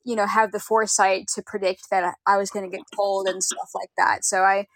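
A woman's voice: mid-range voice, flat delivery, a little fast, fairly bright tone, dry recording, low-quality recording. A woman hosting a casual interview, reacting with sympathy and blunt swearing. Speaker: podcast host.

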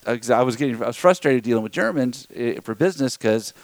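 A man's voice: mid-range voice, fast, no room sound. Middle-aged man, Louisiana accent, rambling storyteller, dry close mic. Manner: rambling anecdotes with restarts, acts out voices in quotes. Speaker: podcast co-host. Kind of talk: casual chat, storytelling.

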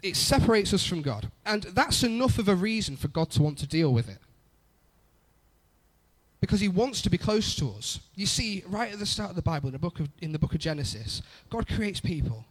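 A man's voice: sits high, very animated, brisk. A young adult man preaching a conversational sermon, often repeating phrases for emphasis. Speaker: pastor.

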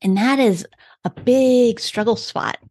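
A woman's voice: fairly high pitch, slow pace, darkish tone. A woman podcast host talking in a reassuring, reflective way. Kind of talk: casual interview chat.

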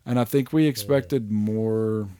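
A man co-hosting a podcast in casual chat, retelling scenes with sudden jumps into loud, high voices and casual swearing. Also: measured pace. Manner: animated storyteller, acts out scenes with big pitch jumps, swears. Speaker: podcast co-host.

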